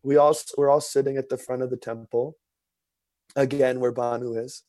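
A man telling a personal story in conversation, earnest and expressive, with many fillers. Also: medium pitch, normal speed, dry recording.

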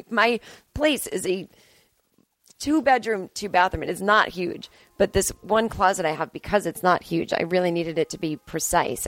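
A woman with a lowish voice chats her way through a movie, playful and quick with gushing exclamations. The sound is dry and close, with no room around it. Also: a bit bright, dry recording. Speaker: vlogger. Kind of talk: casual movie commentary. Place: family home indoors.

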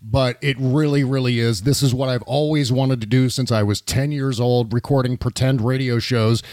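A man's voice: mid-range voice, steady tone, moderate pace, a little mellow, no echo, studio quality. A man hosting a political talk show, chatting animatedly and laughing often. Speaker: podcast host.

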